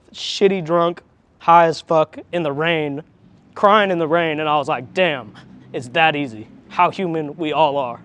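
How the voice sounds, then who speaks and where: A man's voice: a little high, fairly bright tone, clean tone. A man talking candidly in an interview, frank and profane, reflective, often restarting his sentences. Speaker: interviewee, harm reduction worker.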